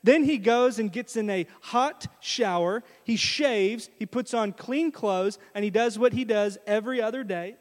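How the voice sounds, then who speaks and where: A man preaching a sermon in a church, telling a story in an animated way and speaking straight to the congregation. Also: high voice, unhurried, few pauses. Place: church sanctuary. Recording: long reverb of a church hall.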